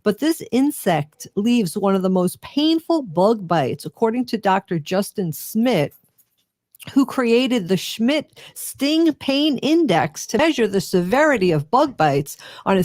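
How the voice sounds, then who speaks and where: A woman's voice: medium pitch, a little mellow, no echo, studio quality. A woman with a New York accent, co-hosting a radio show and chattily reading animal facts aloud, now and then losing her place. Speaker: radio co-host.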